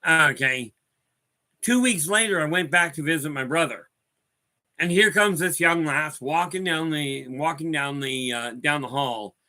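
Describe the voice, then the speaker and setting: A man's voice: fairly high pitch, a little slow, sharp tone. A man hosting a spiritual talk stream, rambling through stories and calling out viewers by name. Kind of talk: casual talk answering viewer chat.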